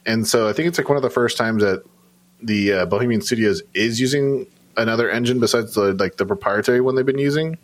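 A man's voice: medium pitch, quick pace. A man co-hosting a casual gaming podcast, talking loosely with lots of fillers. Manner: rambling, filler-heavy. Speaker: podcast co-host. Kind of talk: casual chat.

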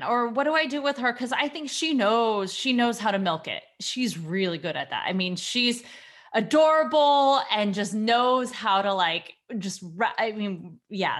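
A woman's voice: medium pitch, a bit bright. A mother candidly asking for advice, talking in a rambling way with many "like"s. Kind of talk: casual chat.

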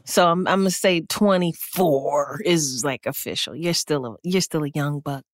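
A woman's voice: low voice, moderate pace, no echo, clean studio sound. Woman co-host telling a story. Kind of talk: casual chat.

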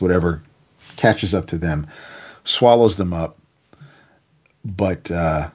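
A man's voice: sits low, husky, lo-fi sound. A man casually reviewing a comic, recapping the plot in a rambling way with stammered restarts.

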